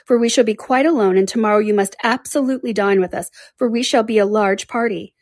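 A woman reading the lines of a hospitable country gentleman in a storybook, hearty and insistent. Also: on the high side, quick pace, dry recording, clean studio sound, lightly acted.

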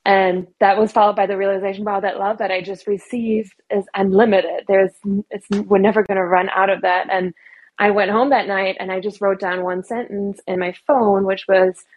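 A woman's voice: medium pitch, level tone, moderate pace, muffled recording. A woman in her thirties, a podcast guest, telling a personal story in an earnest, reflective way.

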